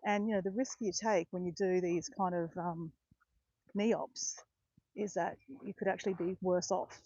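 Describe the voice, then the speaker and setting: A woman's voice: on the low side, fairly even intonation, normal speed, warm tone, no echo, highs cut off. A woman of around fifty chatting casually while walking outdoors, rambling and correcting herself as she goes. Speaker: vlogger. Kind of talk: casual walking vlog chat. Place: outdoors in botanical gardens, walking.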